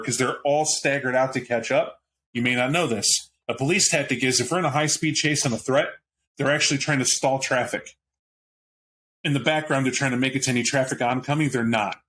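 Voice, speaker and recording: A man narrating as game master of a tabletop role-playing game, rambling and animated. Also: mid-range voice, slight background noise, rough recording.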